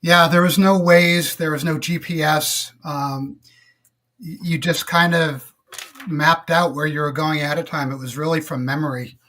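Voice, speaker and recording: A middle-aged man with a slightly higher-pitched voice, chatting casually as a podcast guest. His delivery is relaxed and reflective and full of little fillers. He talks like someone recalling old jobs at an easy pace. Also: normal speed. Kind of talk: casual interview storytelling.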